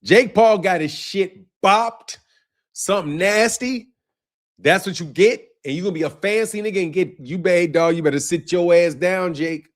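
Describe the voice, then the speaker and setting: A man's voice: high-pitched, moderate pace. A man hosting a boxing channel livestream, chatting casually and profanely while greeting viewers by name.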